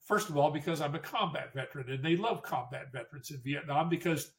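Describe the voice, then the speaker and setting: A man's voice: a little high, fast talker, distant mic. An older man, a war veteran, telling memories to an audience in a storytelling way, with restarts and emphatic repetition. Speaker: Vietnam War veteran speaker.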